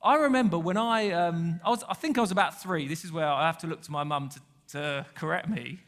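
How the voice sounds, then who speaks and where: A man's voice: fairly high pitch, brisk, fairly bright tone, long reverb tail. A man giving a sermon in a church, chatty and playful, laughing and singing short snippets. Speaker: pastor.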